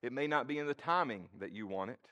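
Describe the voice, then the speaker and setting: A man's voice: mid-range voice, quick pace. A male pastor preaching a sermon in church, speaking in a casual way and addressing the congregation directly. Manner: conversational and expressive, talks to the congregation directly.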